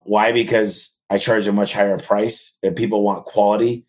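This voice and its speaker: A man hosting a podcast and answering listener questions in a casual, blunt, rapid-fire way. He sometimes reads lists aloud in a steady rhythm. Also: fairly low pitch. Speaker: podcast host and business owner. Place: office with bookshelves.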